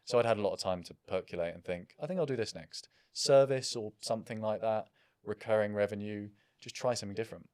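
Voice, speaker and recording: Man in his thirties, business founder, interview guest, reflective, self-deprecating, low voice, dry sound. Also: fast, few pauses, a little mellow, no room sound. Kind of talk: casual interview chat.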